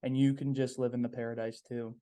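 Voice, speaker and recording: A man's voice: mid-range voice, level tone, brisk, warm tone, smooth. A young man hosting a podcast, talking in a casual, upbeat, rambling way with plenty of "um"s and repeated phrases. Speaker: podcast host. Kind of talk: casual solo podcast monologue.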